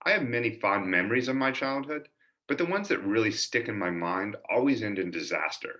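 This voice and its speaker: A man narrating his childhood memories of his father, in an earnest, animated storytelling manner. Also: on the low side, fairly quick. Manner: earnest, animated storytelling with lively quoted voices. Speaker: son telling family stories.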